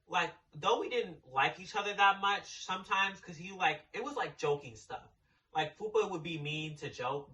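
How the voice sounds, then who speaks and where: A man's voice: on the high side, sharp tone, far from the mic, rough recording. A young man telling a storytime in a blunt, sassy way, swearing freely. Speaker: storytime vlogger. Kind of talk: casual storytime.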